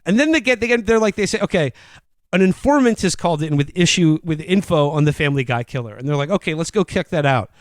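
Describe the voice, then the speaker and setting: Man, high-pitched, dry close sound, casual comedic movie recap, rambling. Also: fast, dry recording. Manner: rambling, laughing, mock-quoting lines in a flat voice. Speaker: podcast co-host.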